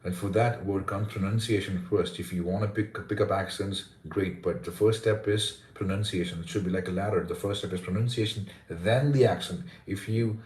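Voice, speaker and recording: Deep-voiced man teaching in an echoey room. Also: steady tone, moderate pace, hardly any pauses, darkish tone. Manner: earnest, explanatory. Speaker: pronunciation teacher and content creator. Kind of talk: live Q&A lesson. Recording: roomy echo.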